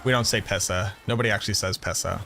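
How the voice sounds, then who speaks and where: A man's voice: on the low side, fast, vocal fry, pushed and bright, a little hiss or hum. A man from the Boston area with a Boston accent, chatting casually and brashly with viewers on a game livestream, swearing and joking. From Boston area, USA. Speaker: game streamer.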